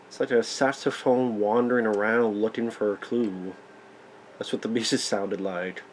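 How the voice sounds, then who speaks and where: A man's voice: on the low side, steady tone, moderate pace, a little hiss or hum, rough recording. A man giving casual, profane commentary on a movie, sarcastic and incredulous, swearing freely as he reacts.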